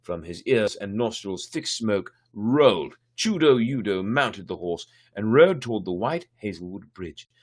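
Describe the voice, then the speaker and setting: A man's voice: fairly low pitch, lively intonation, measured pace, few pauses, breathy edge. A man reading a fairy tale aloud on a livestream, breaking in with wry, irreverent asides. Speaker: storyteller.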